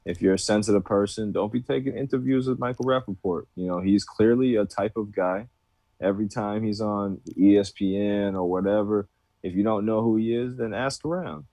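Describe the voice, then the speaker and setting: A man co-hosting a sports debate podcast, giving a calm, measured take. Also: on the low side, no echo. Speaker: co-host.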